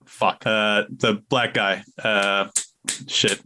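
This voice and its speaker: A man's voice: fairly low pitch, little pitch movement, very slow, background noise. A man co-hosting a podcast in casual chat, laughing often and fumbling for names. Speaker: podcast co-host.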